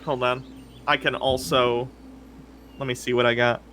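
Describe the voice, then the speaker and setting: A man playing a tabletop game, excitable and planning aloud, swearing casually. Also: medium pitch, unhurried, a little hiss or hum. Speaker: player.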